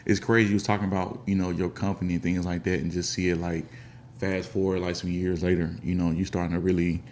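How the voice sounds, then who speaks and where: A man's voice: low voice, level tone, quick pace, a little mellow, a little hiss or hum. A man with a Memphis accent hosting a podcast, talking in a laid-back, slangy way and acting out other people's voices. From Memphis, Tennessee. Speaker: podcast host. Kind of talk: casual interview chat.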